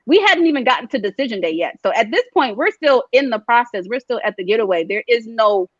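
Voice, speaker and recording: A woman's voice: a little high, fast talker, no room sound, highs cut off. A woman guest from a dating reality show, chatting casually in an interview and acting out what others said. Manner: animated storyteller, acts out quotes of others.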